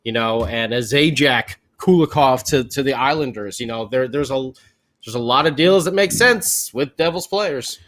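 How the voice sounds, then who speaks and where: A man's voice: mid-range voice, moderate pace, fairly bright tone. A man hosting a podcast, chatting casually about hockey trades in a rambling way with many restarts. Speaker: podcast host. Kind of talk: casual sports chat.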